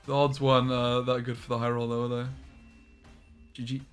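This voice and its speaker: A man's voice: mid-range voice, smooth. A young man casually commentating his card game on a live stream, chatting and reading chat aloud into a desk microphone.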